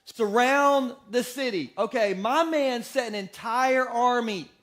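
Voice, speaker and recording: High-voiced joking pastor. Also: male voice, slow pace. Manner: energetic, joking, asks the congregation questions. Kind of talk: sermon. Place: church sanctuary.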